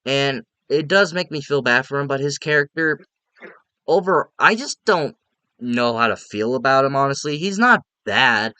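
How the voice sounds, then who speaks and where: A man's voice: mid-range voice, animated, moderate pace, sharp tone, clean tone, dry recording. A man giving a casual, rambling spoken movie review, frank and often restarting his sentences.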